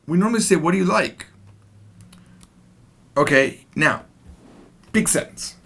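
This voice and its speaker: A man with a slightly high, gravelly voice teaches a video lesson. He explains in a chatty, animated way, his pitch swinging up and down a lot as he talks. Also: a little fast. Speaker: language teacher.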